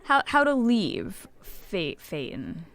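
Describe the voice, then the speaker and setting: A woman's voice: medium pitch, huge pitch swings, slow pace, a bit bright. A woman playing a tabletop game, asking polite, practical questions in casual talk. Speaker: player. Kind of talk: casual tabletop role-play.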